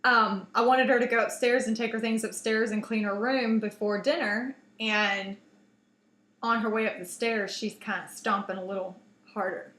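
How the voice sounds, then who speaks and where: A woman in her thirties chats as a co-host, telling a lively story full of fillers and restarts. Her voice is bright and carries a roomy echo. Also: fairly high pitch, normal speed. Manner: animated storyteller, chatty with many fillers and restarts. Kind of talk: casual chat. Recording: echoey room.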